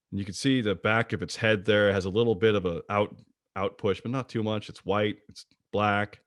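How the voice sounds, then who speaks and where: A man presenting an online slide lecture about birds, playful and jokey, with wide swings in pitch. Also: no room sound, studio quality. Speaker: guest presenter of a bird talk.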